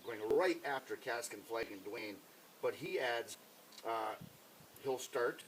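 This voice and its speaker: A man's voice: medium pitch, animated, takes it slowly, distant mic, slight background noise, rough recording. A man co-hosting a casual sports podcast, bantering with dry teasing humor. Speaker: podcast co-host.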